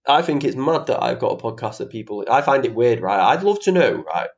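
A young podcast host with a lowish, darkish voice delivers a casual solo monologue, ranting chattily, swearing offhandedly, and being self-mocking. The lo-fi audio comes across slightly dull.

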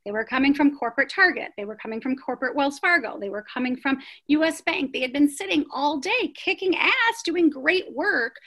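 Middle-aged woman, high-ish voice, passionate founder being interviewed, punchy rhetorical questions. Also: brisk, few pauses. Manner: energetic, emphatic, many rhetorical questions. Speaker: prenatal yoga studio founder. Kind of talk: interview storytelling.

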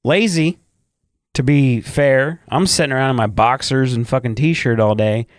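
Podcast co-host, man, mid pitch, swears a lot, dry booth sound. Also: normal speed, no room sound. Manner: profane, animated retelling with quoted voices. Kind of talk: crude casual storytelling.

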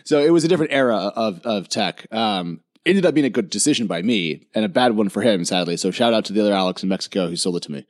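A man appearing as a podcast guest, talking energetically with self-deprecating, quick asides. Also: lowish voice, animated. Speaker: guest, tech journalist. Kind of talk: casual podcast chat. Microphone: headphones on, podcast mic.

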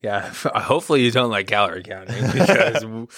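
A young man co-hosting a podcast, talking in a laid-back, low-energy, teasing way. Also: animated, a little fast, fairly bright tone, no echo, studio quality. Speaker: podcast co-host. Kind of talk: casual podcast chat.

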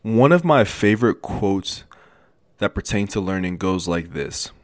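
A young man speaks in a low, earnest register, hosting a motivational podcast on his own. He talks casually to his listeners and stumbles over words now and then. The recording is dry, with no room sound. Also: animated, dry recording. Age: young adult. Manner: halting, with restarts and stutters. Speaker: podcast host. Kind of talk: motivational solo podcast talk.

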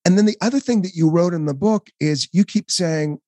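A man's voice: fairly high pitch, normal speed, warm tone, dry recording. A middle-aged man hosting a podcast, effusive and playful, gushing over his guest. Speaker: podcast host. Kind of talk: heartfelt interview.

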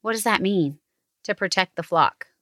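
A woman in her thirties hosting a family prayer and meditation time, speaking slowly and encouragingly to her son. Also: mid-range voice, fairly bright tone, dry recording, studio quality. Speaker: host of family devotional. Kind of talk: gentle guided family devotional.

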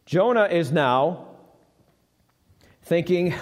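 A man's voice: high voice, lively intonation, unhurried. A male pastor telling a Bible story in a conversational live sermon, asking the congregation questions. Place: church sanctuary. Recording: live church with long reverb.

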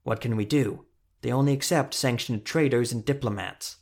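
A man's voice: mid-range voice, normal speed, a little mellow, lightly acted. A man voicing a nervous, polite male craftsman who speaks in a slightly pleading way. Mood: earnest.

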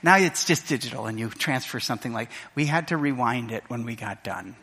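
A man's voice: mid-range voice, expressive, fairly quick, sharp tone, breathy edge. A middle-aged man preaching a sermon as pastor, telling a personal story with emotion and acting out the voices of others. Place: church sanctuary. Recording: reverberant church hall.

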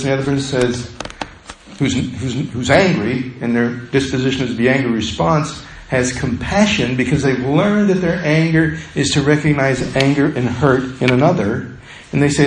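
A man's voice: a little high, normal speed, roomy sound, a little hiss or hum, rough recording. A male pastor preaching a sermon in a conversational way, acting out the voices he quotes.

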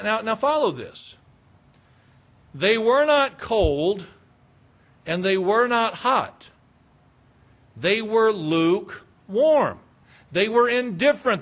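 His pitch is high and his tone fairly bright as he preaches. The pastor keeps it conversational, asking rhetorical questions and mimicking churchgoers who couldn't care less.

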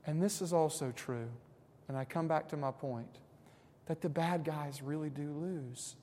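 This male preacher has a fairly high voice and keeps a measured pace. His sermon moves from quiet reflection to emphatic, building moments, sprinkled with offhand asides, all in a big-room sound.

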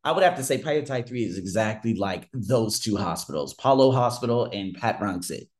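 A man's voice: fairly low pitch, animated, moderate pace, a little mellow. A man telling a personal story in a casual monologue, ranting heatedly and swearing often. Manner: heated, profane ranting with frequent restarts.

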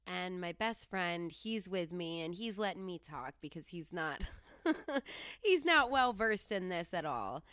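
A woman from Colorado tells a story in a casual podcast style, and her voice jumps up high and lively whenever she quotes herself. Her voice is low and smooth, and the sound is close and dry. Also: measured pace, dry recording. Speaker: podcast host.

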